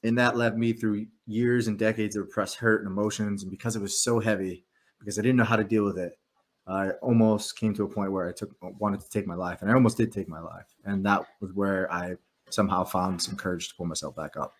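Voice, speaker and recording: A man's voice: on the low side, fairly even intonation, fairly quick. A man who is an author and podcast guest, speaking earnestly and openly about hard personal times. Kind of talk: personal story in an interview.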